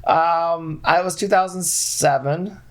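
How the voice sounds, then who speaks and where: A man's voice: on the high side, slow. A man talking casually as a podcast guest, rambling through a story and laughing often. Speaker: guest, founder of a video company.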